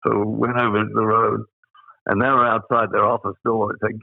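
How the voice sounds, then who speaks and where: An older man in his eighties from Australia tells rambling stories and chuckles as he goes. His low voice is gravelly with fry. It comes through a tinny, phone-like line with a dry sound. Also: little pitch movement, fairly quick, no room sound. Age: 80s. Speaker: guest. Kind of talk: anecdotal storytelling.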